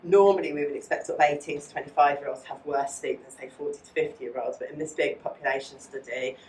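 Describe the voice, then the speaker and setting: A woman lecturer, giving a fast, chatty academic talk with many fillers and taking audience questions. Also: low voice, fairly even intonation, darkish tone, slight background noise. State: out of breath. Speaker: psychology lecturer. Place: lecture hall. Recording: echoey room, distant mic.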